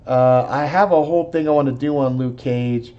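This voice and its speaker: A man's voice: mid-range voice, normal speed, dull audio. A man hosting a live show, chatting casually in a profane, rambling, laid-back way. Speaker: host. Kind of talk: casual chat, movie talk.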